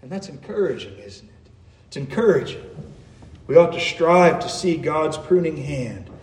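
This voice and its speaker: A man's voice: medium pitch, darkish tone. A man preaching a sermon in an earnest way, his emphasis rising and falling. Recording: echoey room.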